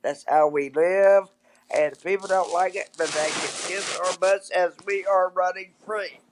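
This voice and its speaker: A woman's voice: fairly low pitch, steady tone, unhurried, background noise. Teasing, rambling older woman. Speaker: guest, mother of the host. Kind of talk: casual live-stream chat.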